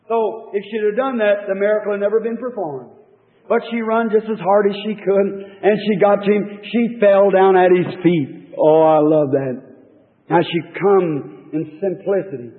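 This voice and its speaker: A man preaching a fervent sermon, retelling scripture in folksy speech with swings from loud to hushed. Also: sits high, fairly even intonation, normal speed. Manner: fervent, rising and falling storytelling, folksy speech. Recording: tinny lo-fi old sermon tape, reverberant hall.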